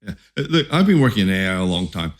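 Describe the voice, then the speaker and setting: Lower-voiced man, halting animated explainer. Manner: many restarts and repeated words, animated. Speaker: company founder, podcast guest. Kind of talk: casual interview talk.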